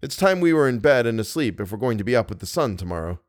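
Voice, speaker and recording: A man voicing a jittery young hunter who stammers and turns sharp and brusque. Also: mid-range voice, very animated, quick pace, dry recording, clean studio sound, close to an everyday voice. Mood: tense.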